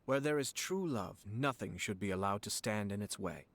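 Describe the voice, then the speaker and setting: An actor playing a courteous, formal young nobleman in a video game, speaking with calm reassurance. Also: on the low side, normal speed, no echo. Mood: gracious. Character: polite, gracious young nobleman commissioner.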